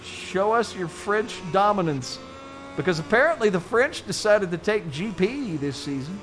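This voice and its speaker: A man's voice: sits high, animated, moderate pace, a bit bright. A man commentating a sim race in a jokey, casual way, laughing often.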